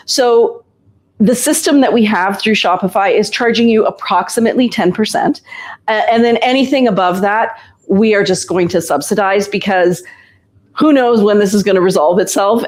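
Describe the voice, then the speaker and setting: A woman's voice: medium pitch, a little mellow. A woman who runs a shop, hosting a casual live stream and explaining ordering and clothes in a chatty, reassuring way.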